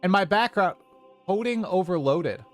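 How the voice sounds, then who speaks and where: A young man chatting casually on a livestream, rambling and animated as he talks to his chat. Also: high-pitched, moderate pace, soft background music. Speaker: streamer.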